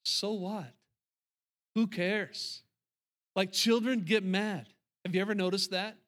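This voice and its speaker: A man's voice: high-pitched, steady tone, measured pace, a bit bright. A middle-aged male pastor preaching a sermon, emphatic and repetitive, talking straight to the congregation.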